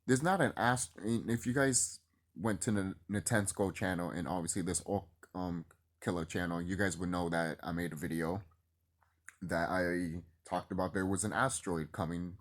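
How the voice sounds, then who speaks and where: A man rambling excitedly and cursing freely in a casual vlog monologue to his viewers. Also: low voice, normal speed. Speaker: YouTuber.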